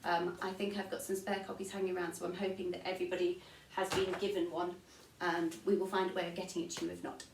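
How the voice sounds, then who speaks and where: A woman's voice: fairly low pitch, level tone, fast talker, gravelly, far from the mic, noisy background. A woman with an English accent teaching a recorded online music lesson, patiently explaining and counting beats aloud. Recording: echoey room, voice from off-mic.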